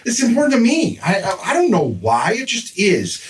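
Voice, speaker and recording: In a relaxed podcast conversation, a grandfather on as a guest spins a lengthy, exasperated tale. He speaks at a moderate pace in an extremely high voice that swings hugely in pitch, picked up by a somewhat distant mic with a little noise.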